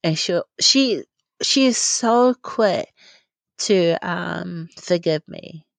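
Speaking very slowly yet animatedly, this woman in her thirties has a gravelly voice on the low side, recorded dry. She hosts a reflective solo parenting podcast, candid and confiding, laughing often in a self-deprecating way.

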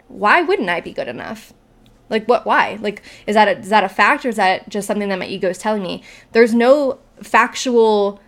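Young adult woman, podcast host, coach, casual solo talk, chatty, middle pitch. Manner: chatty, fills talk with "like" and "right?".

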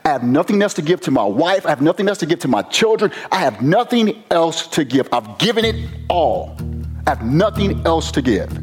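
A man from Virginia, a former police officer, giving an earnest, emotional personal testimony with slow pauses. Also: a little high, very animated, soft background music. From Virginia, USA.

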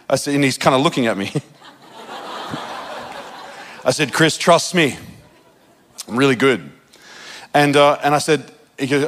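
A man from Australia with an Australian accent, preaching a sermon and telling a personal story with quick asides and laughter at himself. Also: medium pitch, fairly bright tone.

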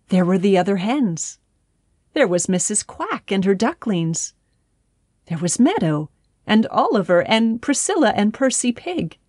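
A woman reads a children's story aloud, gentle and unhurried. Her pace is slow and soothing, and the recording is close and dry with no room sound. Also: medium pitch, no room sound. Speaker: storybook narrator.

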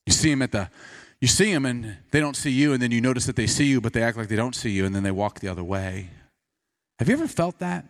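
A man preaching a sermon, telling the story with animation and dropping to quiet intensity. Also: medium pitch.

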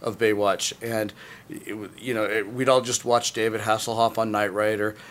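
A man's voice: lowish voice, level tone, normal speed, fairly bright tone. A man in his forties co-hosting a podcast, telling stories animatedly and often laughing, repeating and stumbling over his words as he goes. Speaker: podcast co-host. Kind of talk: casual chat, storytelling.

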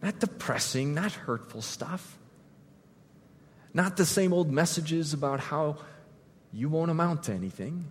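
High-voiced dramatic preacher man. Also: lively intonation, measured pace, pauses often, breathy edge, long reverb tail. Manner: vivid, dramatic storytelling that swings from loud to hushed. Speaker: pastor. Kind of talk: sermon.

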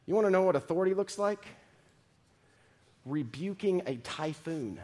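A man preaching a sermon, reading scripture dramatically and swinging from loud, emphatic lines to hushed ones. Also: sits high, expressive, moderate pace. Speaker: pastor.

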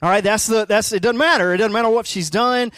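A man in his thirties preaching a casual sermon as pastor, talking in halting restarts with joking asides. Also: sits high, fairly bright tone, dry recording. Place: darkened church auditorium.

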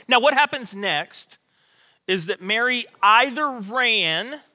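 A man preaching a sermon as a pastor, telling the story with lively acted-out quotes and then dropping to soft, reflective passages. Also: very high voice, slow pace. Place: church sanctuary. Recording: long hall reverb in a church.

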